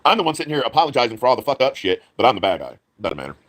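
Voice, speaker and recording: A man tearing through a furious, profane rant at breakneck speed. He curses constantly, circles back to the same complaints, and never slows down. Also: mid-range voice, very animated, a bit bright. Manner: profane, heated, repetitive. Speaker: live streamer. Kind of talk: angry rant.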